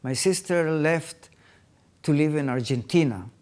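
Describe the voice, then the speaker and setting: An older man tells his life story in English, haltingly, with many restarts and phrasing. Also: on the high side, a little mellow. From Israel. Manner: halting, non-native phrasing with frequent restarts. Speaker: interviewee.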